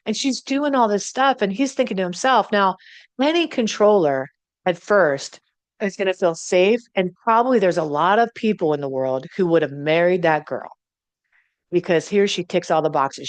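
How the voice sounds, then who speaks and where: A middle-aged woman teaching about relationships as a coach, blunt and animated, swearing and talking straight to viewers. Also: fairly low pitch, no room sound. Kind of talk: motivational teaching.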